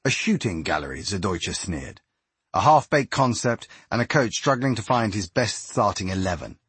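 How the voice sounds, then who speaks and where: Husky male audiobook narrator. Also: lowish voice, animated, normal speed, a bit bright, no room sound. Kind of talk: scripted narration.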